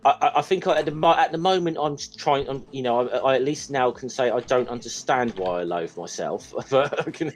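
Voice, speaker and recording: A man's voice: medium pitch, a little fast, hardly any pauses. A man in casual group chat on a call, rambling and hesitant, swearing now and then. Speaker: podcast guest.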